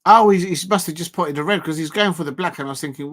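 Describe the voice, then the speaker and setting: Brief: male stream host, fairly high voice, rambling self-deprecating live match commentary. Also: fairly bright tone. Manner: chatty and rambling, self-deprecating, with frequent filler pauses. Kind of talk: casual live snooker commentary.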